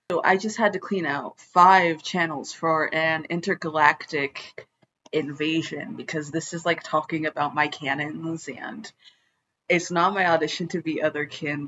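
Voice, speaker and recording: A woman's voice: low-pitched, fairly bright tone, highs cut off. A woman in her twenties talking casually to her viewers, scattered and jumping between topics, often apologizing. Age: 20s. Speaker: vlogger. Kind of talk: casual rambling vlog chat.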